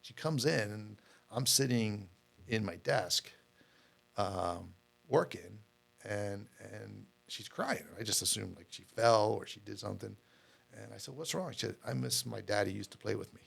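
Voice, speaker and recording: A man's voice: on the low side, expressive, a little slow, vocal fry, fairly bright tone, slightly rough. A middle-aged man, a podcast guest, telling his story in a candid, rambling way with many fillers and repeated words.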